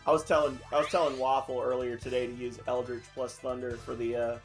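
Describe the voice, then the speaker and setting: A man's voice: mid-range voice, steady tone, fairly quick, few pauses, soft background music. A man giving casual, playful and self-mocking commentary while playing a video game. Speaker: let's play host.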